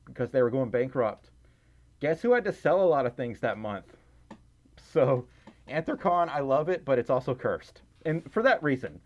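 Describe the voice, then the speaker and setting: A young man chatting on a livestream, reading out donations in an excitable, giggly, rambling way that keeps running him out of breath. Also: medium pitch. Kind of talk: casual livestream chat. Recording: slightly dull lo-fi stream audio.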